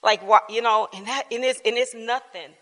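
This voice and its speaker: A woman shares her story at a church bible class, loose and colloquial, breaking into laughter as she goes. Her voice is bright and ringing, and it echoes through a large, reverberant church hall. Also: a little high, a little fast. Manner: colloquial, laughing often, animated. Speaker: church member giving testimony at bible class. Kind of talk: personal testimony, casual storytelling.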